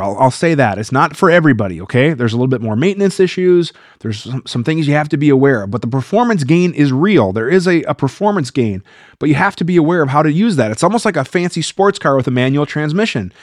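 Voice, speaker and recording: A man's voice: a little high, fast, dry recording, clean studio sound. A man hosting a live viewer Q&A stream, talking casually and getting worked up as he rambles. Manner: animated, gets worked up and rambles.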